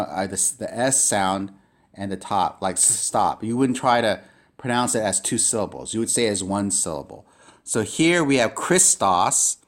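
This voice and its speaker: A male teacher giving a recorded lesson, talking haltingly with many fillers and restarts and sounding words out slowly. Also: lowish voice. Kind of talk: recorded classroom lecture.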